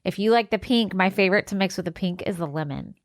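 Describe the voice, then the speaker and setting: A woman's voice: mid-range voice, quick pace, no echo. A chatty, enthusiastic woman in her forties co-hosts a podcast and explains things eagerly. She is recorded close and dry, with no room sound. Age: 40s. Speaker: podcast co-host. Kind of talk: casual chat.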